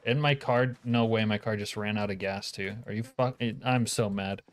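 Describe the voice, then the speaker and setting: A man's voice: fairly low pitch, steady tone, normal speed. A man live-streaming a game, chatting casually with his viewers, profane and joking, grumbling when things go wrong.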